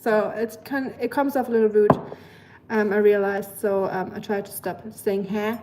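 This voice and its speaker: A woman's voice: mid-range voice, little pitch movement, moderate pace, darkish tone, slight background noise. A woman from Germany with a German accent, chatting casually and rambling with lots of fillers on a livestream. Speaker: live streamer.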